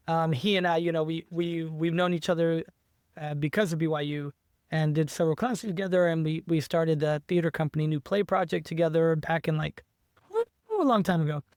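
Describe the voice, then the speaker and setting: In a casual interview, an eager man talks about his writing, rambling and often restarting his sentences. His high voice is smooth and resonant, and the recording sounds dry and close.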